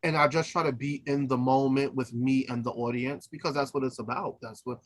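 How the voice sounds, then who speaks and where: A man's voice: mid-range voice, fairly even intonation, fairly quick. A man who is an opera singer, co-hosting a podcast in casual chat, laughing easily and trailing off and restarting as he tells stories. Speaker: podcast co-host.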